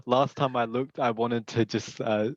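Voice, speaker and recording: A man's voice: medium pitch, steady tone, a little slow, dry recording. Laid-back man, muffled dry recording. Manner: easygoing, hesitant, many uh fillers, laughs often. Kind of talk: casual spiritual chat. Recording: slightly muffled, dry sound.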